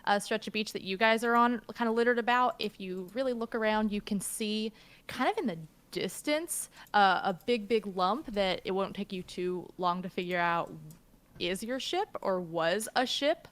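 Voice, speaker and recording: A woman's voice: mid-range voice, moderate pace, fairly bright tone, clear, resonant tone. Rambling woman game master. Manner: loose, rambling description with frequent fillers. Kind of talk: narrating a tabletop game.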